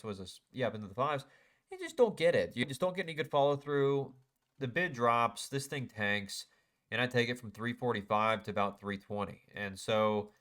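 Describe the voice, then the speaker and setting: A man's voice: mid-range voice, a bit bright. A young man casually recapping his trading day over a chart, self-critical and frustrated as he talks through his mistakes. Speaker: day trader. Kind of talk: casual screen-share trade recap.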